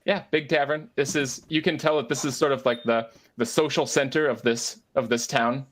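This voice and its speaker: A man runs a tabletop role-playing game, describing the scene at a middling pitch. He hesitates often, restarting sentences and filling pauses as he narrates. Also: steady tone. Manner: hesitant, many fillers and restarts. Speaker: game master.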